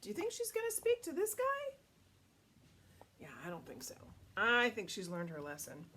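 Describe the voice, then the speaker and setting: A woman storyteller reading a picture book aloud to children, animated and asking them questions. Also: on the high side, normal speed, slight background noise.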